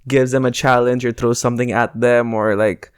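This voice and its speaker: A man's voice: mid-range voice, level tone, normal speed, clean tone. A man co-hosting a podcast, chatting casually in a jokey, self-mocking way. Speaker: podcast co-host. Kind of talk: casual chat.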